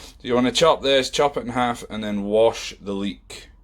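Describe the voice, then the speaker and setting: A man of middle pitch talks his way through a home cooking video, chatty and rambling, filling gaps with ums and uhs. He sounds like he is filming himself on a camera in his own kitchen. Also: moderate pace. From Scotland. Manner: chatty, rambling, many fillers. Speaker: podcast host.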